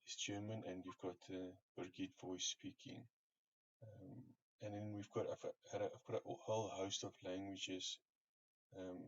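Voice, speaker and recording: A man walking through a software setup on screen, unhurried, with many ums and pauses. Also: sits low. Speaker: software tutorial presenter. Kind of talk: screen-share walkthrough. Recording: muffled lo-fi audio, faint hiss.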